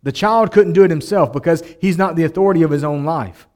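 A male pastor preaching a sermon, repeating his phrases and climbing to loud, emotional appeals. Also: on the high side, fast. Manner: preaching, voice rising to near-shouting in emotional appeals.

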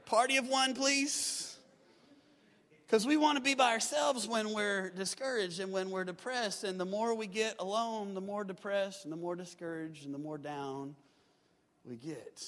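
Male pastor, high voice, emphatic call-and-response preaching, big reverberant sanctuary. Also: normal speed, a bit bright. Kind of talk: sermon.

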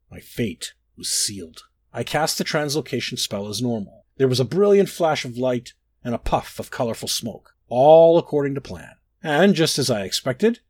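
Reading a grim first-person fantasy tale aloud, this narrator broods and lets his voice climb and drop for dramatic effect. He speaks in a mid-range voice with a breathy edge.

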